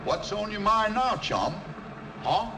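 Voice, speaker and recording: A man voicing a gruff, impatient talking mule in a 1950s film comedy, with a sardonic, bossy manner. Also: high voice, very animated, takes it slowly, noisy background, full character voice.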